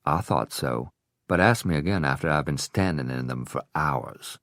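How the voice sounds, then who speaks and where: A man's voice: very deep voice, normal speed, fairly bright tone, dry recording, studio quality. A man voicing a vain, shallow society wife who talks in a whining voice. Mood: whiny chatter. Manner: whining, self-absorbed chatter.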